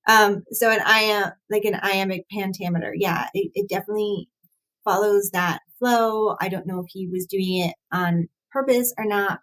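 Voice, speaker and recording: A woman's voice: medium pitch, rough recording. Chatty, hesitant woman musing over lyrics. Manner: thinking aloud, hesitant with many fillers and restarts; chatty, laughs lightly at herself. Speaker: host analysing song lyrics.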